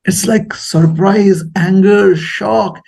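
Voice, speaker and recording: Husky man telling a sermon story. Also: high voice, slow pace. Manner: lively, animated storytelling. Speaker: speaker at a temple talk.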